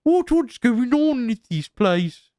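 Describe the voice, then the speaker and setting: A man voicing a prim, indignant upper-class English lady in a fussy, drawn-out falsetto with a put-on posh British accent. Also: big pitch swings, heavy background noise, exaggerated voice. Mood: scandalized. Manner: fussy, scandalized.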